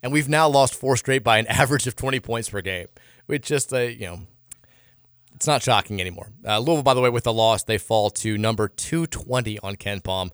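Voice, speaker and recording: Male sports talk host, mid-pitched, dry studio sound, sarcastic and rambling. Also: brisk, a bit bright, clean tone, dry recording. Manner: frustrated, sarcastic, rambling with restarts. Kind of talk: casual sports radio talk.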